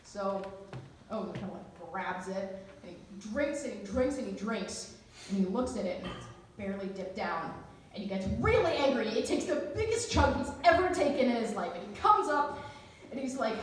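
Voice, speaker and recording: A woman's voice: mid-range voice, expressive, normal speed. A woman telling a story live at a cabaret in a chatty, humorous way, full of asides. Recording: echoey venue from a distance, faint room noise.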